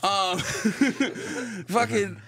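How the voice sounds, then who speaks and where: Loud high-voiced arguing man. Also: very slow, slightly rough, no room sound. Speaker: podcast co-host. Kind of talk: heated casual chat.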